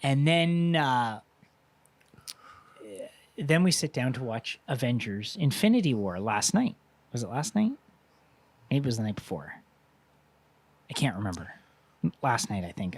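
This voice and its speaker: A man's voice: medium pitch, no room sound. A man co-hosting a casual talk show, rambling through a long story and acting out quotes with a raised voice. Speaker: podcast co-host. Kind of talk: casual chat.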